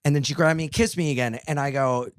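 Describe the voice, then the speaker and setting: A man's voice: fairly high pitch, quick pace, clean tone, no echo, clean studio sound. A young adult man hosting a podcast, telling a comedic story in casual chat and acting out the other people in it. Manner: animated, acts out quoted voices. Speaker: podcast host.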